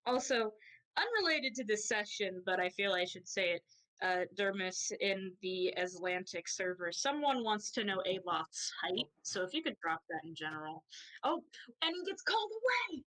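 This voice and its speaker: A woman's voice: mid-range voice, moderate pace, a bit bright. A woman narrating her moves in a tabletop game, giggly, swearing often and teasing herself. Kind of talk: casual tabletop play narration.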